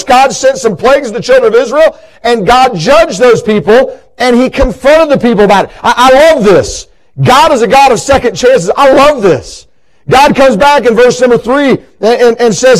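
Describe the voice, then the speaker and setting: A man's voice: extremely high pitch, animated, moderate pace, low-quality recording. A middle-aged man preaching a sermon in a church, telling folksy stories with many stammered restarts. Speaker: pastor.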